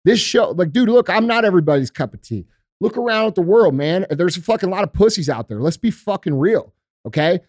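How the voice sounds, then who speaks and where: A man's voice: high voice, expressive, fairly quick, a little mellow, no echo, clean studio sound. A male podcast host giving a blunt, profane motivational talk in a casual, emphatic way.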